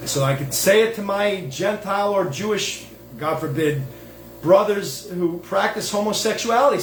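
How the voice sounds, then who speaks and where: A man's voice: high-pitched, moderate pace. Emphatic rambling man, echoey room. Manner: emphatic, digressive, many restarts and fillers. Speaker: host and self-styled rabbi. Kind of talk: rambling religious monologue with reading aloud. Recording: echoey room with faint background noise.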